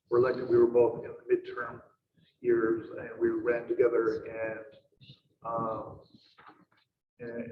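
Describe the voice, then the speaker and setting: Guy chairing a board meeting, stumbles and repeats himself, sounds far off and muffled. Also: mid-range voice. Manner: halting, many fillers and repeated words. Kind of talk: formal meeting remarks. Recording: distant, muffled, roomy with noise.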